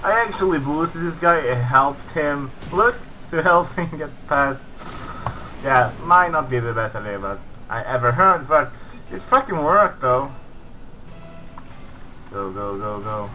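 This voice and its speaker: Excitable young man commentating a game. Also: medium pitch, takes it slowly, a little hiss or hum, low-quality recording. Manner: excitable, swearing, yells at the bots. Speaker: gaming channel host. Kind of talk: gameplay commentary.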